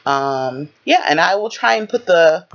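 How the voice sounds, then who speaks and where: Congested male tarot reader with a slight lisp, rambling and halting, somewhat high voice, muffled recording. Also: expressive, a bit bright, a little hiss or hum. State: congested from a cold. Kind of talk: pick-a-card tarot reading. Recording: dull lo-fi audio.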